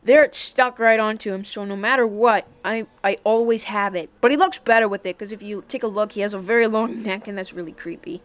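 A woman's voice: medium pitch, steady tone, brisk, hardly any pauses, dull audio. A woman rambling through a casual show-and-tell vlog about a toy, full of fillers and apologies. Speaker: toy collector showing a doll.

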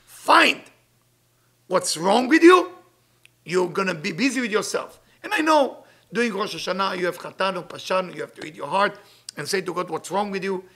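A middle-aged man giving an inspirational weekly sermon as a spiritual teacher, emphatic and animated, swinging between loud bursts and soft asides. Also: sits high, creaky, slight background noise.

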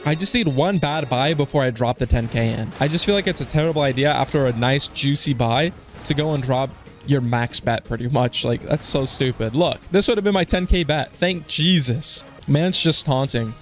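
A man giving live gambling commentary as a slots streamer, casual and slangy, swearing and bursting into yells on big hits. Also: mid-range voice, moderate pace, soft background music. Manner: casual slang, keeps saying "dude" and "man".

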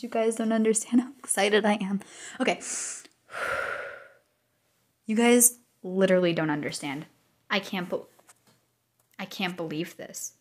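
A woman's voice: mid-range voice, normal speed. Gushing woman narrating a game update. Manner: gushing, breathless exclamations, sometimes dropping to a whisper. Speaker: gaming video creator. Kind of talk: excited gameplay commentary.

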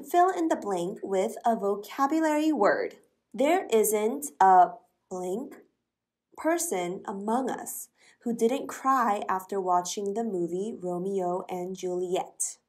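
Slow, clear woman teaching English. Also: medium pitch, animated, a little mellow. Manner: slow, clear, spells words out. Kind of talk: English lesson.

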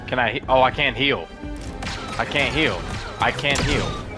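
A young man giving live, excitable commentary over a video game, swinging between frustration and amazement. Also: medium pitch, a little slow, over loud music. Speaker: gaming commentator.

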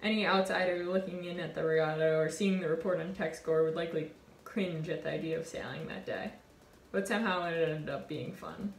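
A woman's voice: sits low, fairly even intonation, fairly quick, few pauses, a little hiss or hum. Earnest young woman telling a story, echoey. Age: 20s. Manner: earnest, warm storytelling with occasional laughs. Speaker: college sailor and award winner. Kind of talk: reflective personal storytelling.

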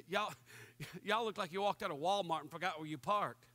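A man preaching a lively sermon to his congregation and acting out the voices he quotes. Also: high voice, brisk, no echo. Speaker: pastor.

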